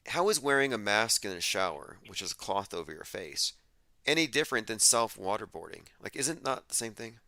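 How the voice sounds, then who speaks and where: Radio host guy, sarcastic and preachy, bright punchy voice, dead dry sound. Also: mid-range voice, no echo. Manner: sardonic, lecturing, talks over his guest. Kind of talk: casual call-in radio talk.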